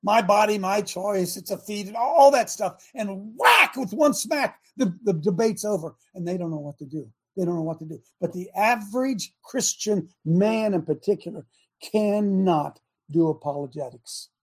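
Man, middle-aged, talk show host, high-pitched, husky, emphatic and shouting, fiery preaching style. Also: animated, normal speed.

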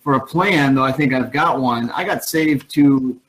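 A man's voice: mid-range voice, moderate pace, fairly bright tone, poor audio. A man calling in to a talk show, speaking earnestly and plainly. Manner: earnest, plainspoken, some stammers. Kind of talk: casual talk radio call.

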